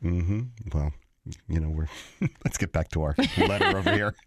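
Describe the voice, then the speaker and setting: A man with a deep, low voice co-hosts a radio show from a studio. His talk is chatty and joking, full of stumbles and restarts. The sound is dry and close. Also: normal speed, no echo. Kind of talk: casual on-air banter.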